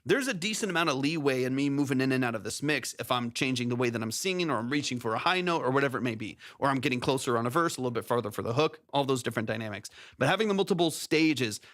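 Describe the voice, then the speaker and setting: Speaking at a racing clip with few pauses, this medium-pitched man runs a music production stream and gives loose technical feedback on a track's mix. His intonation is lively and a bit bright; he wanders off, corrects himself, and sings placeholder syllables. The sound is close and compressed from a studio mic, with no room sound.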